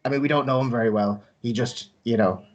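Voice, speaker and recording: An Irish man recaps a tabletop session in casual chat. He rambles with dry jokes, and his pitch sits in the middle. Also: fast talker, dull audio. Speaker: player.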